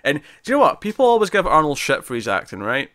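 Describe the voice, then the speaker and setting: Fast-talking man, bright dry voice. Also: fairly high pitch, dry recording. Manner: animated, quotes lines in a shouted impression. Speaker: podcast co-host. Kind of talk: casual film review chat.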